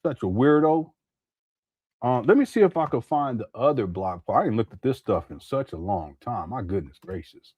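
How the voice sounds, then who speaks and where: A man's voice: mid-range voice, animated, moderate pace, husky, no echo, highs cut off. A man commenting casually on a live stream, laughing often and mocking what he plays.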